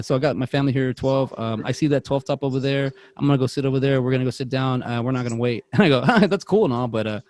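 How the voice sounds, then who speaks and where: A man's voice: mid-range voice, dry recording. Rambling man telling a restaurant story. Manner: rambling, animated, acts out quotes, self-interrupting. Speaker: podcast co-host. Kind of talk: casual storytelling chat.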